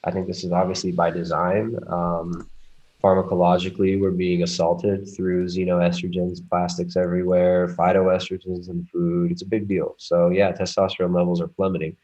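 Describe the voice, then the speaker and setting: A man talking as a guest in a casual conversation, rambling and animated, with frequent restarts. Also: low voice, normal speed. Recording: muffled lo-fi audio.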